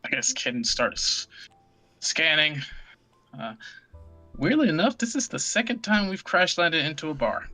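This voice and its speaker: Male tabletop player, hesitant and apologetic, bright voice, faint music. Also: on the high side, big pitch swings, unhurried, long pauses, no room sound, low-quality recording. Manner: hesitant, polite in character. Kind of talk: casual tabletop play.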